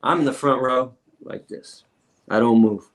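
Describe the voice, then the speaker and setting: A man's voice: medium pitch, unhurried. A man who is a guest on an interview show tells stories in an emphatic, defiant way and stacks repeated words when he gets worked up. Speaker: interview guest, activist lecturer. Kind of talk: storytelling in a casual interview.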